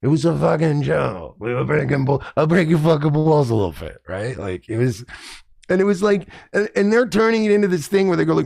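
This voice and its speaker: On a studio-quality podcast recording with no room sound, a man with a highish, gravelly, darkish voice rants fairly quickly to camera. He's casual but indignant, profane throughout, and mocks people by imitating them in put-on voices.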